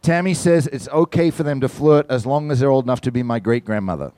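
A man giving a sermon testimony, telling a story with lively, animated delivery and speaking directly to the congregation. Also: medium pitch, fast, dry recording. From from outside the United States. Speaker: visiting church musician and speaker.

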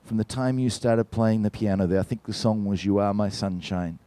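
A man's voice: lowish voice, fairly even intonation, moderate pace, mellow, no echo, lightly acted. A man voicing a sweet, frail hundred-year-old woman in a wheelchair, speaking earnestly.

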